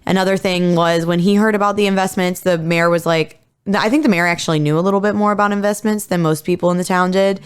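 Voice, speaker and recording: A woman's voice: fairly low pitch, fairly even intonation, quick pace, clean tone. A woman in her thirties co-hosting a podcast, telling a true-crime story in a chatty, casual way, full of fillers and casual swearing. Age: 30s. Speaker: podcast co-host.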